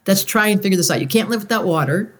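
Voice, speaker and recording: A woman guest in a conversational interview, expressive, acting out moods as she explains ideas. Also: quick pace. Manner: expressive, acts out moods with big pitch swings. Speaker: astrologer guest.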